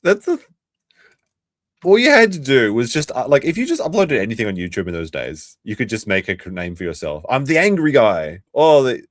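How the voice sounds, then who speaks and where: A man's voice: lowish voice, brisk. A man riffing on a video during a live stream, jumping between jokes and complaints. His voice rises and falls a lot as he talks. The sound is dry and close, with no room echo. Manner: animated, sarcastic, swears, mocks accents. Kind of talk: casual live-stream commentary.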